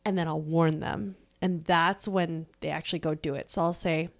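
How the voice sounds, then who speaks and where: A woman co-hosting a podcast, chatting casually in a calm, matter-of-fact way. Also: on the low side, moderate pace. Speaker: podcast co-host. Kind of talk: casual chat.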